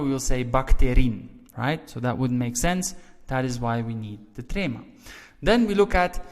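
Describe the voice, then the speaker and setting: A man teaching a language lesson on video, explaining rules step by step, checking in with the viewer, and punching key words with sudden emphasis. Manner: stresses key words with sudden lifts in pitch and volume. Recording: long reverberant room echo.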